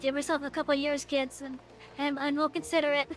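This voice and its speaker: A woman's voice: sits high, little pitch movement, a little fast, faint music behind. A young woman streaming a game, chatting playfully with her viewers. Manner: chatty, playful, talking to chat. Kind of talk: casual live game stream chat.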